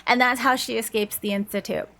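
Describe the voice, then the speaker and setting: A woman's voice: on the high side, steady tone, brisk, vocal fry, bright, forceful tone. A woman reviewing a book on her channel, retelling its plot in a loose, chatty way. She leans on "like" as a filler and keeps the telling casual and conversational. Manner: chatty, many filler likes.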